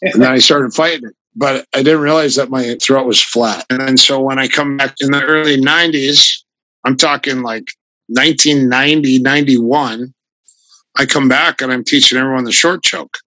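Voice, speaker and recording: An older man with a gravelly voice, a grappling coach telling rambling, animated stories in an interview. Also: mid-range voice, normal speed, no echo, poor audio. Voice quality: gravelly voice from a flattened throat. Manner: rambling, animated anecdotes with restarts. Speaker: guest, grappling fighter and coach. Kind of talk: casual storytelling in an interview.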